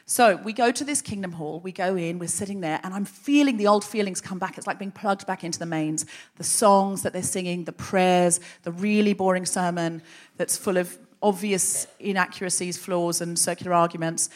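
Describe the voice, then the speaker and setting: A woman's voice: fairly low pitch, moderate pace. Wry woman telling a story onstage. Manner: lively, wry, building to impassioned. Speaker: comedian and podcast host. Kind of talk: live comic storytelling. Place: stage in front of a live audience.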